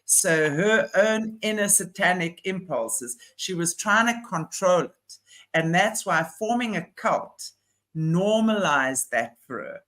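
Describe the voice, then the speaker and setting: A man's voice: high voice, lively intonation, slow pace, fairly bright tone. A man co-hosting a casual chat, giving opinionated, explanatory commentary. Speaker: podcast co-host. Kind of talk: casual chat about a news case.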